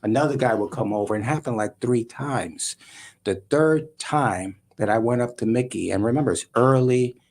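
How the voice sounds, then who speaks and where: A man guest on a talk show, telling a story in a lively way and acting out other people's voices. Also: medium pitch, normal speed.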